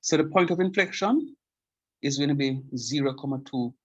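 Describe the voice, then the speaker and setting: A middle-aged man lectures on calculus in a fairly high, husky voice. He keeps repeating his main point for emphasis and often stops to ask whether his students can see it. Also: normal speed, muffled recording. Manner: repeats key points emphatically and checks understanding. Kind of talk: classroom math lecture.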